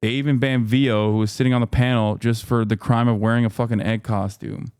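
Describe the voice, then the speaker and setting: A man's voice: mid-range voice, little pitch movement, fairly quick, a little mellow, smooth, dry recording, studio quality. Profane, heated male streamer ranting. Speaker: livestream host. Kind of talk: livestream commentary reading chat.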